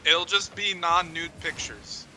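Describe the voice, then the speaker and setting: A man's voice: fairly high pitch, unhurried, pushed and bright, a little hiss or hum. A young man casting a game on a casual drinking stream, joking and crude in his banter. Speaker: esports caster.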